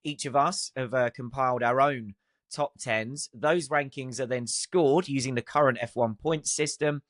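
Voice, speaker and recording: A man hosts a chat podcast at a middle pitch, lively and quick to laugh. His voice sounds close and dry, with no room around it. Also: no echo. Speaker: podcast host. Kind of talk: casual chat.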